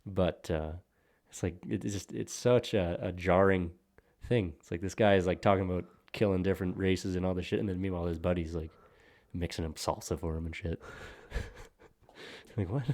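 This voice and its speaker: Young dude on a podcast, kinda low voice, rambly crude jokes, laughs a lot. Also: male voice, fairly even intonation, normal speed, a little mellow. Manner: rambling, joking, frequent laughs and fillers. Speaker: podcast co-host. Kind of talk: casual crude banter.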